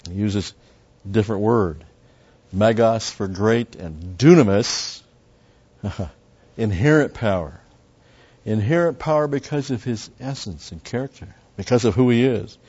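A man's voice: on the low side, animated, unhurried, a little mellow, slightly rough. A man teaching through a Bible passage verse by verse, in a conversational way that explains each word and adds asides. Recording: dull lo-fi sound.

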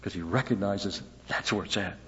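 Male Bible teacher, low voice, conversational, questions then answers, dull recording with hall reverb. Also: moderate pace, fairly bright tone, a little hiss or hum.

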